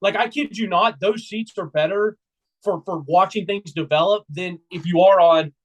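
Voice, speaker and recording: A young man with a notably high voice co-hosts a sports podcast. He tells his stories with excitable energy and keeps slipping into loud impressions of his own trash talk. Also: normal speed. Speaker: podcast co-host. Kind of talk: casual sports chat.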